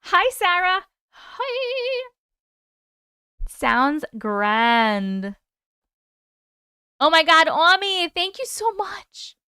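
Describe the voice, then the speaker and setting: A woman's voice: very high voice, big pitch swings, drawn-out words, bright, forceful tone, no room sound, clean studio sound. A woman hosting a casual live stream, chatting and reading viewer comments aloud. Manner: chatty, reads out viewer comments and thanks gifts. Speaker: host reading chat on a livestream.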